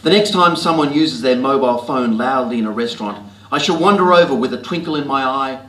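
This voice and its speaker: A man's voice: medium pitch, fairly quick. Wry Australian man reading aloud. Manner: wry, deadpan, self-mocking. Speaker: author reading his work. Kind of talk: comic reading of a humorous column to an audience. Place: library talk venue. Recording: roomy hall with faint ambience.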